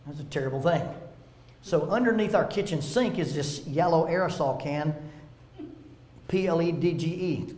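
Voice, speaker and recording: A man's voice: on the high side, moderate pace, pauses often, darkish tone, reverberant. A man giving a church seminar, telling stories with humor and acting out quotes. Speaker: seminar speaker. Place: church meeting room.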